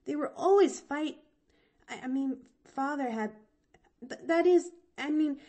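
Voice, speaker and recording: A woman's voice: high-pitched, a little slow, warm tone, pitched above the performer's own voice. A woman reading an audiobook, voicing a cheerful, chattering little girl who rambles breathlessly.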